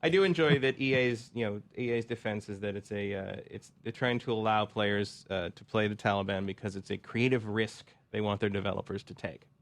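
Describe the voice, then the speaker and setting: A man's voice: on the low side, steady tone, a little fast, hardly any pauses. A man co-hosting a casual talk show who makes dry, joking asides. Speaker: podcast co-host. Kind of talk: casual chat.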